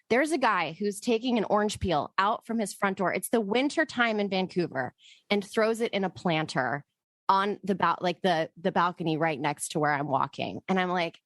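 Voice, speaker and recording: A woman's voice: fairly low pitch, expressive, fairly quick, fairly bright tone, no echo. A woman podcast co-host telling a personal story in casual chat, emotional and rambling, swearing freely.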